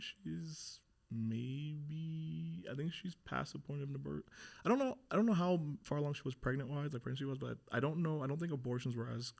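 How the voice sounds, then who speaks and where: Gravelly young man telling his story. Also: a little high. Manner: casual, heavy filler and frequent swearing. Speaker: guest. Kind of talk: candid personal storytelling.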